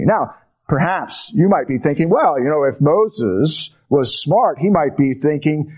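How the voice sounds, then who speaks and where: Slow, emphatic male preacher. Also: expressive, a little mellow, breathy edge. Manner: slow, emphatic preaching with deep drops on key words. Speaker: pastor. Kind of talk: sermon.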